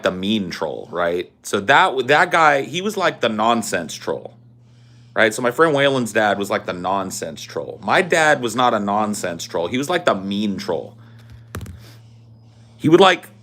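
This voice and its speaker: Young dude rambling thru a story on a podcast, swears a lot, says like constantly. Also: male voice, fairly low pitch, a bit bright. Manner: rambling, swears casually, lots of fillers. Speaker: podcast host. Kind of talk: casual storytelling chat.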